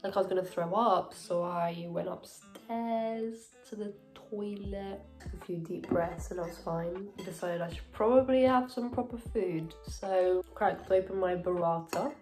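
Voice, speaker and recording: Stuffy-nosed young woman, slow chat. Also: medium pitch, a little mellow, faint music behind. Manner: chatty, laughs often, many "like" fillers. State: blocked nose, recovering from illness. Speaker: vlogger. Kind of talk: casual vlog diary. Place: at home in a student house.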